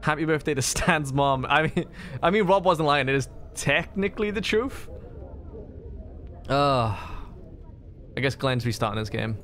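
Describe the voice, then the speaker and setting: Guy streaming a game, talks fast n sarcastic, voice sits a bit high, faint hiss behind. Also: lively intonation, a bit bright. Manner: sarcastic, fast-talking banter. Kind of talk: casual gaming chat.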